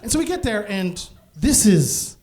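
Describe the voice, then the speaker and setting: A man performing stand-up comedy on stage in front of a live audience, telling a story in an animated way and acting out the people in it. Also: high-pitched, unhurried. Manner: animated, acts out voices, bursts into shouts.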